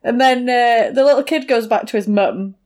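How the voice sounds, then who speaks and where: Giggly woman, slightly high voice. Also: moderate pace, a little mellow. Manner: giggly, acts out lines in silly voices. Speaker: podcast co-host. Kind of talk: casual chat recapping a film.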